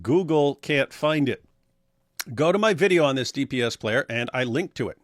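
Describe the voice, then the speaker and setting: A man's voice: medium pitch, lively intonation, normal speed, no echo, studio quality. A man co-hosting a casual livestream, reading viewer comments aloud, rambling and laughing at his own puns.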